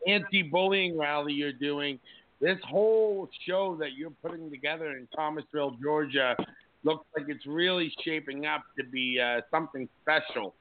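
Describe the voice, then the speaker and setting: Canadian accented man, upbeat radio co-host, slightly high voice, tinny lo-fi sound. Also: moderate pace. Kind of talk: casual talk radio.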